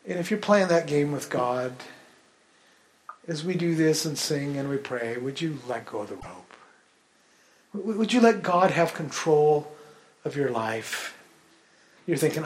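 A man from the Pacific Northwest preaching a sermon in church as pastor. He swings between loud, lively stretches and soft, hushed ones. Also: medium pitch, a little slow, pauses often, slight background noise. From Pacific Northwest, United States.

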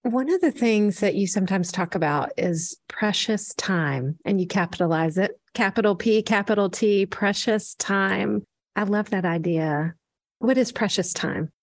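A woman's voice: mid-range voice, expressive, normal speed. Affirming woman podcast host. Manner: affirming, gently curious. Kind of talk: interview questions.

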